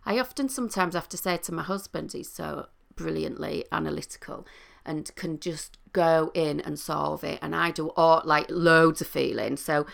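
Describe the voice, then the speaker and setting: Low, gravelly-voiced woman coach. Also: moderate pace. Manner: calm, explanatory, with sing-song demonstrations. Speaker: coach and trained therapist. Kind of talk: talking to camera, teaching.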